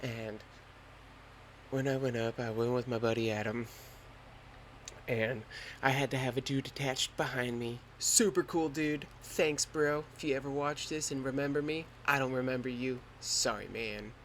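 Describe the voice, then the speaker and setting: A man's voice: mid-range voice, moderate pace, slight background noise. Slangy young man telling a story. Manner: animated, slangy and profane. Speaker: podcast host. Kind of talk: casual storytelling.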